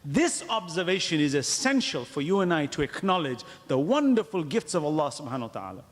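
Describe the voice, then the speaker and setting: A man giving a religious lecture to a congregation, asking rhetorical questions and pausing for emphasis. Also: on the high side, in a large hall. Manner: animated, wide-ranging delivery. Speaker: Islamic lecturer.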